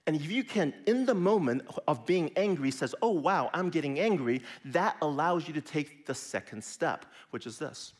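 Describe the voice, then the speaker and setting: A middle-aged man preaching a sermon in a conversational way, often dropping to a soft, near-whispered voice for emphasis. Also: on the high side, normal speed, hardly any pauses. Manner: lively, conversational preaching with sudden soft drops. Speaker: pastor.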